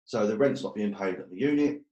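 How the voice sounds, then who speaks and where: A guest with a lowish, warm voice tells his story fairly quickly in a reverberant space. He's blunt, swears a lot, and makes jokes about hard times during this casual storytelling.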